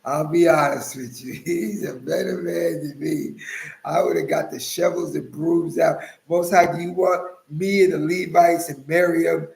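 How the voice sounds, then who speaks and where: A man giving an impassioned, casual religious monologue, swinging between loud outbursts and low mutters. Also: fairly even intonation, moderate pace, gravelly, hardly any pauses, roomy sound, low-quality recording. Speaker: religious commentator.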